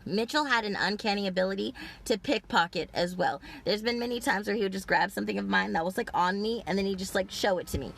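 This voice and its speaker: A woman's voice: medium pitch, fast, vocal fry, few pauses, fairly bright tone. A woman talks straight to her camera in a long, meandering monologue. She is agitated and swears constantly, and her sentences are crowded with fillers. A faint hum of noise sits behind her voice. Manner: profane, rambling, agitated storytelling with many fillers. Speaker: vlogger. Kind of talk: rambling personal monologue. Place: outdoors in a big parking lot.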